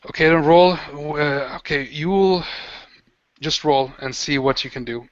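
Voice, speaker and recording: Slow, slightly high game master, dry dull lo-fi sound. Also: male voice, no echo. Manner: slow, laughing, gory narration. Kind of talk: narrating a tabletop game.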